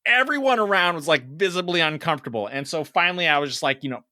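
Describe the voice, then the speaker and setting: Male podcast co-host, thirties; lively, profane storyteller with a bright tone. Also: on the high side, fairly quick, no room sound. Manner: animated, swearing, gets loud in quoted lines. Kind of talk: casual storytelling chat.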